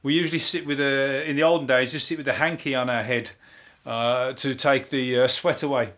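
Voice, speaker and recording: A man with a Brummie accent hosts a comedy podcast, talking at an ordinary pitch. He rambles through the day's stories in a dry, deadpan way, swearing freely and stumbling over fillers and restarts. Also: brisk. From England. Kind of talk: rambling topical comedy monologue.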